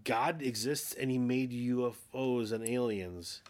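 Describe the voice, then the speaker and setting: A man's voice: medium pitch, measured pace. A man co-hosting a casual movie podcast, rambling and swearing as he acts out lines from a film. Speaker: podcast co-host.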